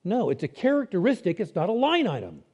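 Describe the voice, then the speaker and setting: A man's voice: sits high, wildly swooping pitch, a little fast, a little mellow, breathy edge. A man preaching a sermon in a conversational way, explaining step by step and asking his listeners rhetorical questions.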